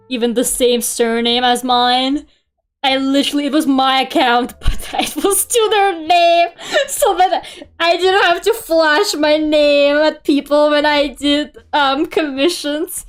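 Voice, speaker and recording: A woman's voice: high-pitched, fairly even intonation, unhurried. A young woman chatting casually on a stream while drawing. She grumbles, swears freely and giggles often. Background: faint music.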